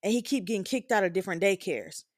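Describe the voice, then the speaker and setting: A woman's voice: medium pitch, animated, fast talker. A woman in her twenties hosting a show, giving a candid, blunt and profane opinion monologue. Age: 20s. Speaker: podcast host.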